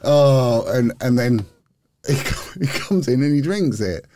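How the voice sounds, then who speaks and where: A man's voice: medium pitch, lively intonation, takes it slowly, mellow, a little hiss or hum. A middle-aged man, a podcast guest and former police detective, telling rambling, candid stories in casual chat. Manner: candid, rambling, chatty with frequent restarts. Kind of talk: casual anecdotal storytelling.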